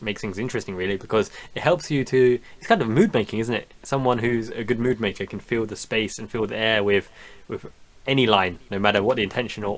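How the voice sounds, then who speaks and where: A man's voice: lowish voice, a bit bright. A man from the UK, hosting a podcast in casual chat, talking at length and laughing often. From United Kingdom. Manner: chatty, laughs often, rambling explanations. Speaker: podcast host.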